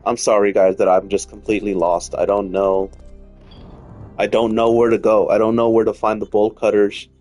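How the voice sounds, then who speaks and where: Guy with a lowish voice rambling through a game, repeats stuff, swears a lot, bit of music in the back. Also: level tone, moderate pace, darkish tone. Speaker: gaming streamer. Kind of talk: casual let's-play commentary.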